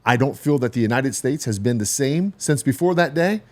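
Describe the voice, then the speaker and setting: A man's voice: medium pitch, lively intonation, brisk, darkish tone. A man speaking as a podcast guest in a reflective, earnest way, asking questions in long strung-out sentences. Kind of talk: conversational interview.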